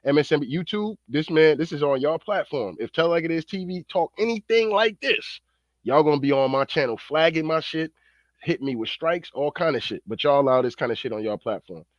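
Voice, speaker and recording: A man's voice: on the high side, lively intonation, brisk, no room sound, lo-fi sound. Fired-up profane male commentator. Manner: slangy, profane, fired-up, rambling. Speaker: online commentator.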